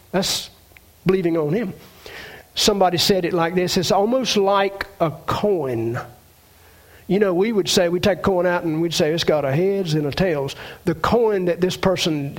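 A man preaching a sermon, emphatic and repetitive, quoting scripture and asking the congregation for an amen. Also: high voice. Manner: emphatic, repeats phrases, quotes scripture.

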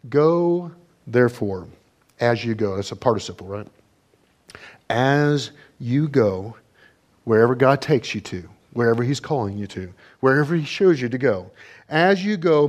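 A man preaching with fervent intensity, pressing his listeners with repeated rhetorical questions. His voice sits at an ordinary middle pitch, rising and falling sharply between emphatic peaks and hushed, slowed lines. It is a sermon that ends in prayer.

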